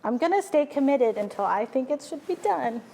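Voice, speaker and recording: A woman's voice: high voice, expressive, normal speed, gravelly, warm tone, in a large hall. A woman chatting playfully while she cooks, joking and rambling through asides. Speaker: home cook vlogger. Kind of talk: casual cooking vlog chat.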